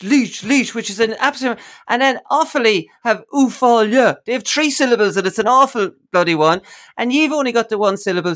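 Animated Irish man hosting a podcast. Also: a little high. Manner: animated, incredulous, laughing storyteller. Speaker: podcast host. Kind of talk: casual sports podcast banter.

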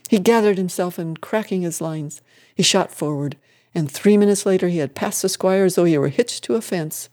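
Give me a warm, mellow voice reading a story aloud. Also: medium pitch.

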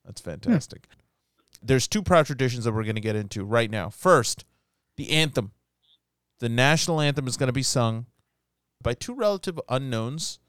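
A man's voice: medium pitch, normal speed, smooth, no echo, studio quality. A man co-hosting a casual podcast, joking and bantering about football bets. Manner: animated, jokey, breaks into put-on accents. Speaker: podcast co-host.

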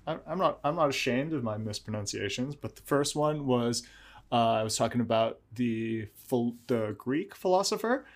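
A man's voice: mid-range voice, expressive, normal speed. A man who hosts trivia, telling stories on a podcast and poking fun at his own mistakes. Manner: self-deprecating storyteller, quotes people in his stories. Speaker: trivia host. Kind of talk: casual podcast chat.

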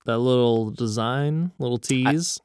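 Male podcast co-host, mid-pitch, crude jokey banter, dry close sound. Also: takes it slowly, darkish tone, clean tone, no echo. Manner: crude, joking, profane banter. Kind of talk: casual chat.

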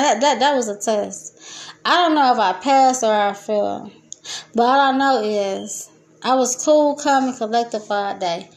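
High-voiced woman, loud and profane. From Detroit, USA. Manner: profane, laughing, swings between loud excitement and low muttering. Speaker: podcast host. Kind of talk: rambling casual monologue.

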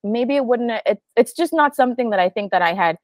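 A woman's voice: on the high side, fairly quick. A woman hosts a casual book discussion, posing her questions in a loose, rambling way. Her voice sounds dry and close, with no room echo. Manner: relaxed, rambling, restarts.

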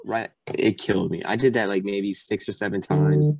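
A man's voice: on the low side, normal speed, gravelly, a little hiss or hum. A young man, a podcast guest, telling stories animatedly in casual chat and acting out the people in them. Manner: animated, acts out drill instructors. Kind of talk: casual storytelling.

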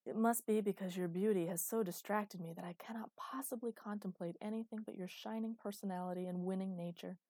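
A woman's voice: medium pitch, a little fast, few pauses, no room sound, close to an everyday voice. A woman doing a teasing flirtatious soldier man. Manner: mock-romantic, teasing, deadpan. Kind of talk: audiobook character voice.

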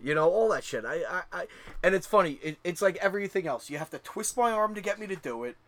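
A man's voice: high voice, animated, quick pace, a bit bright, no echo. Middle-aged man telling profane stories. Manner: rambling, profane storytelling with lots of fillers. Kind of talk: casual chat.

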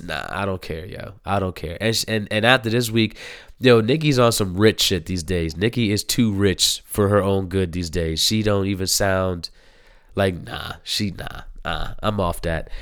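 A young man talking casually to camera about new music singles, slangy and animated, laughing and swearing often. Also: fairly low pitch, clean tone.

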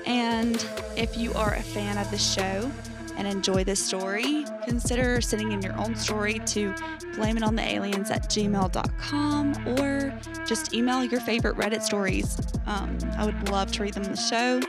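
A young woman hosting a podcast, narrating a first-person horror story in an even storytelling voice. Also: medium pitch, moderate pace, loud music behind the voice. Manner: even storytelling, hesitant um in sign-off.

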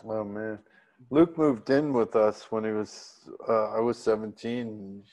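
A man as a guest in a casual interview, reflective and halting, often restarting his sentences. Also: lowish voice, steady tone, darkish tone.

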